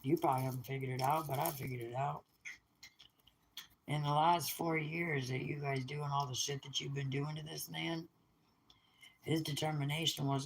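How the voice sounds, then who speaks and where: A middle-aged speaker with a gravelly, fry-edged voice, ranting straight at the camera. The delivery is blunt and scornful, thick with swearing, at an ordinary middle pitch. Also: slight background noise, low-quality recording. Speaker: vlogger. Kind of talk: angry profane rant to camera.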